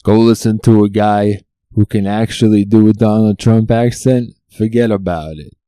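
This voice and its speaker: A man putting on a whiny, sneering male critic who scoffs at bad impressions, with a shrill, nasal tone. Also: steady tone, moderate pace, warm tone, smooth, no echo, clean studio sound, close to an everyday voice. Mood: mocking.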